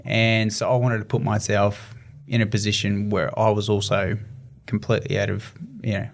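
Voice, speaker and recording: A man's voice: lowish voice, little pitch movement, normal speed, gravelly. A young adult man with an Australian accent, talking earnestly in a casual interview with many fillers and restarts. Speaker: guest, ultramarathon runner.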